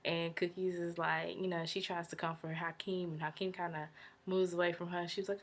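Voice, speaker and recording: Lady doing a casual episode recap, lowish voice, slangy, whispers little asides, brushes stuff off with blah blah. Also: little pitch movement, brisk. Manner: dismissive "blah, blah" paraphrasing. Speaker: TV episode reviewer.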